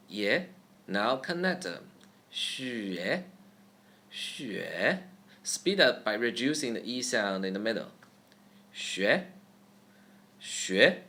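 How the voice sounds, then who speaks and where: A man's voice: on the low side, sharp tone. A man teaching pronunciation step by step, saying each sound over and over with care. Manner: slow, careful, demonstrating sounds repeatedly. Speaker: language teacher. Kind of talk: pronunciation lesson.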